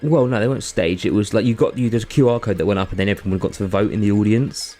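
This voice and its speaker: A man's voice: on the low side, quick pace, dark tone, faint music behind. A man, co-hosting a podcast and rambling through a story with lots of fillers. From England. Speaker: podcast co-host. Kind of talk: casual chat.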